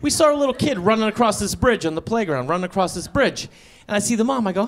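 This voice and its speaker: A man in his thirties doing stand-up comedy, excitable and bursting into loud, incredulous outbursts. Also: high voice, quick pace. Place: comedy stage before a live audience.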